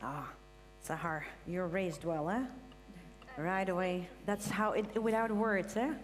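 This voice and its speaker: A woman hosting a live stage event, thanking the crew and calling people up in a lively, informal way. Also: fairly low pitch, takes it slowly, soft background music. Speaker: event host. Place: large event hall with audience. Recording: hall reverb, audience, faint hum.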